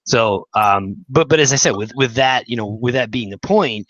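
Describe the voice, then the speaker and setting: A man's voice: mid-range voice, normal speed, fairly bright tone, no echo, dull audio. A man co-hosting a casual beer podcast, rambling and enthusiastic, recorded over a video call. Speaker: podcast co-host. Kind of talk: casual chat.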